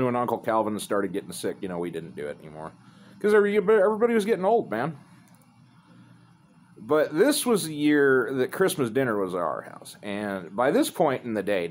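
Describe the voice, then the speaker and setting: A man's voice: fairly low pitch, slight background noise. A man telling a rambling, profane story in a laid-back, casual way.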